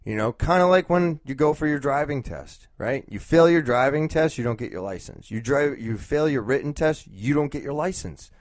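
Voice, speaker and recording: A man's voice: medium pitch, lively intonation, moderate pace, few pauses, no echo. A man hosting his own podcast, thinking aloud in casual talk, rambling with fillers and restarts. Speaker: podcast host.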